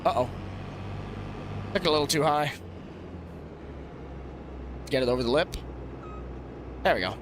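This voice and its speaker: While streaming a farming game, this young man jokes around casually and laughs often as he rambles. His voice is fairly high and expressive, unhurried with long pauses, and there's background noise.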